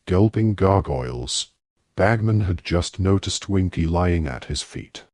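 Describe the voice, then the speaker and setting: A man narrating an audiobook in measured storytelling. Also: low voice, lively intonation, a little mellow, dry recording, studio quality.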